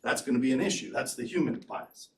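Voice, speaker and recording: A middle-aged man giving a conference talk in a lecture hall, conversational and animated, with rhetorical questions. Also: medium pitch, fast. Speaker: conference speaker. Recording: echoey room, distant mic.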